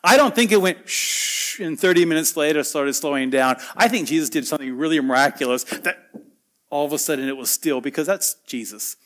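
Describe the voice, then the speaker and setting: A man with a high voice preaching a sermon. He talks earnestly and conversationally, moving from loud, emphatic lines down to soft, quiet asides. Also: fairly quick.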